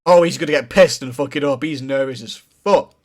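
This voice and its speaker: A man's voice: mid-range voice, fairly quick, soft background music. A man hosting a reaction video, talking bluntly and swearing often as he critiques what he watches. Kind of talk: casual reaction commentary.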